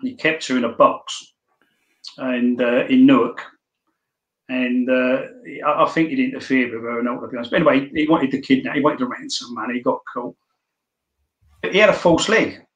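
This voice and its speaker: A man's voice: medium pitch, normal speed, muffled recording. A middle-aged man, telling his story as a guest in a casual, blunt way, swearing often and stumbling over restarts. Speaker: interview guest. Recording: echoey room.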